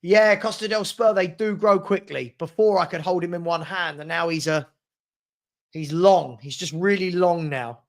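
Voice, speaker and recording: A man's voice: high-pitched, normal speed. A man hosting a live match watchalong, calling the play in a casual way and chatting with viewers about their comments. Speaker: watchalong host.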